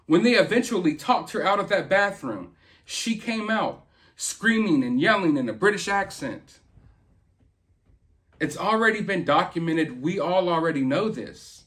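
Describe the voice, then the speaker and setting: A man's voice: high-pitched, a bit bright. A man hosting a casual commentary video, talking in an earnest, rambling, opinionated way. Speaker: host.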